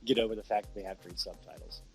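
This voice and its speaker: A man's voice: deep voice, very fast, gravelly, a little mellow, breathy edge, faint music behind. A man co-hosting an anime review, talking casually and thoughtfully in a conversational way. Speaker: co-host of an anime review show.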